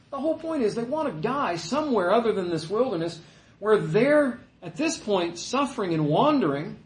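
A man preaching a sermon, reading scripture and retelling it in a conversational way, mimicking the complaining people with a mocking voice. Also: a little high. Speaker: pastor. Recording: echoey room.

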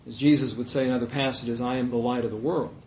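A man preaching a sermon in a conversational, animated way, often acting out the voices of people in the passage. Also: mid-range voice, quick pace, roomy sound.

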